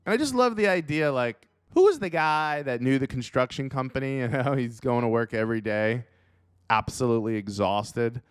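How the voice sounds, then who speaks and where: A man's voice: mid-range voice, normal speed, clear, resonant tone, dry recording, studio quality, faint music behind. A man, a comedian host reading an article and riffing on it while acting out silly characters. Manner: animated, acts out silly characters. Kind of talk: comedic commentary.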